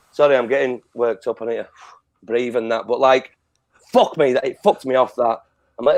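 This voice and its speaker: A man's voice: medium pitch, moderate pace, darkish tone, no echo. A man co-hosting a casual review chat. He rants heatedly and swears heavily. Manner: heated ranting, heavy swearing. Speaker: podcast co-host.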